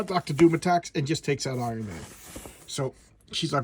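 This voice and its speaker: A man's voice: medium pitch, normal speed, darkish tone, slight background noise. A man reviewing an old comic book in a casual, blunt, rambling way, often restarting his sentences.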